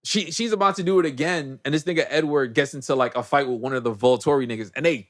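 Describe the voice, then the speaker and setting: A man's voice: mid-range voice, quick pace. A young man casually recapping a movie on a podcast, acting out the characters and laughing as he goes. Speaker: podcast host.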